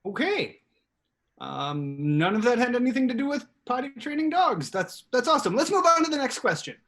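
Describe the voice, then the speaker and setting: A man hosting a live improv comedy show from home over a video call, upbeat and animated. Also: very high voice, moderate pace. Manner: animated, upbeat, hedging fillers. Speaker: host.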